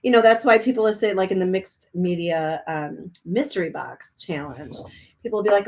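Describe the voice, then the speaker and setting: A woman's voice: mid-range voice, expressive, a little fast, a little mellow, a little hiss or hum. A woman giving a casual, upbeat art journaling demonstration, chatting as she works in a cold room above a garage. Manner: chatty, upbeat, talks while working. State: chewing a cough drop. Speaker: art instructor.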